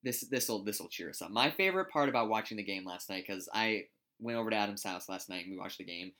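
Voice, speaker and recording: A man co-hosting a casual sports talk show, his voice sitting a little low with a bright, forceful edge. He rambles, hunts for the right word and often restarts his sentences. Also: animated, fast talker. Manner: rambling, searches for words, frequent restarts. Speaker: co-host.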